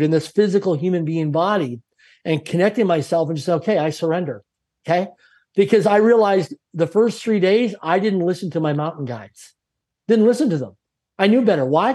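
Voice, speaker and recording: Interview guest: middle-aged man with a husky, fairly high voice, emphatic motivational storyteller. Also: warm tone. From Canada. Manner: emphatic, repetitive, self-assured.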